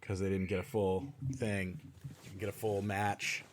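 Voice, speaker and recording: A man's voice: fairly low pitch, level tone, measured pace. A man in a casual podcast chat, making wry remarks about small details. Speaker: podcast co-host.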